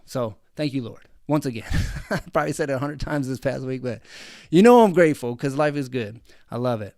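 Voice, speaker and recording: A man's voice: medium pitch, expressive, a little fast, darkish tone, dry recording, clean studio sound. A man hosting a casual livestream, rambling enthusiastically with lots of fillers. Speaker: livestream host answering viewer questions.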